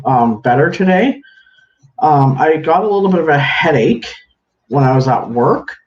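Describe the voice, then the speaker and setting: A man chatting casually on a home livestream, greeting viewers by name as he works at a counter. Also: medium pitch. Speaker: livestream host. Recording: echoey room, dull lo-fi sound, faint hiss.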